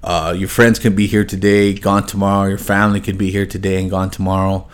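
A young man with a somewhat low voice talks haltingly, full of pauses and restarts. He is choked up and subdued, his voice sinking quieter on the hardest parts. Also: flat delivery, clear, resonant tone. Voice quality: halting, many fillers and restarts. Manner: subdued and heavy, voice dropping low when grieving. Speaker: car shop owner. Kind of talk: emotional personal remembrance to viewers.

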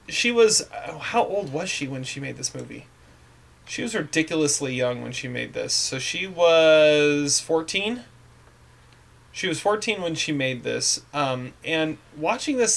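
Rambling podcast host, man, slightly high. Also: lively intonation, measured pace, gravelly. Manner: rambling, many fillers and restarts. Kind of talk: casual movie podcast chat.

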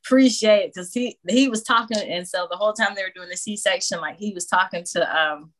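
A woman guest on a podcast casually telling a personal story, animated, acting out what others said and laughing often. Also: mid-range voice, a little fast. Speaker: podcast guest, new mother.

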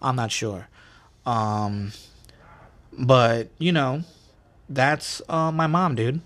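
A man's voice: medium pitch, steady tone, extremely slow, fairly bright tone. Casual cursing man telling family stories. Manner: loose and profane, peppered with "bro" and "dude". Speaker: podcast host. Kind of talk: casual storytelling monologue.

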